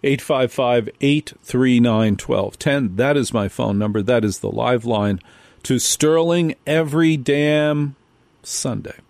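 A man's voice: mid-range voice, slow, vocal fry, darkish tone, no room sound. Emphatic male talk radio host. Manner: emphatic, repeats key points again and again.

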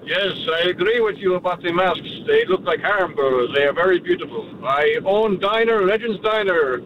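A man's voice: sits high, moderate pace, natural voice. A man faking a pushy Greek diner owner. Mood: pleading. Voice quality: put-on thick foreign accent. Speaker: caller. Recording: dull phone line with street noise.

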